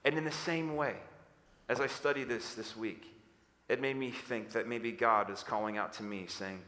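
A man's voice: mid-range voice, steady tone, normal speed, sharp tone. A man preaching a sermon, leading the room in call-and-response and repeating his key phrases. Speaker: pastor. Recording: echoing hall.

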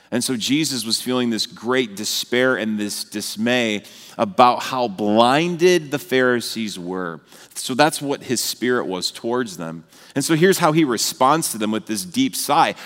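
Earnest guy preaching, medium-pitched voice, lots of long reverb around him. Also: fairly bright tone. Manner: earnest, building to emphatic repeated phrases. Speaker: pastor. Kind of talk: sermon.

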